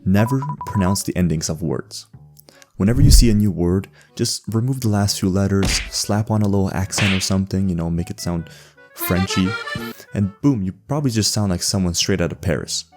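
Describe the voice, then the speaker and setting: Deep-voiced and brisk, this young man from Canada hosts a language-learning video as a comedic voice-over explainer. Faint music plays behind his sarcastic jokes, and he frequently laughs mid-sentence.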